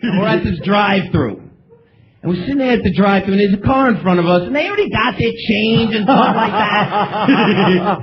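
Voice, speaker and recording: A male comedian telling a rowdy story on radio, shouting out the voices of the people in it. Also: high-pitched, animated, normal speed, music in the background. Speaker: comedian guest. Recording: dull radio recording with crowd.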